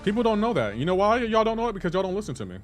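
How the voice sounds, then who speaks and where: A man's voice: high voice, sing-song, very fast, soft background music. A man streaming a game live, chatting casually and playfully indignant as he banters with his chat.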